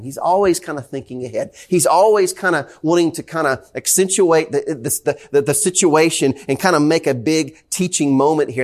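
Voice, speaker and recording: A man with a Southern US accent, a pastor preaching a sermon in a church, talking conversationally and repeating questions to the congregation. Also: a little high. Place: church sanctuary.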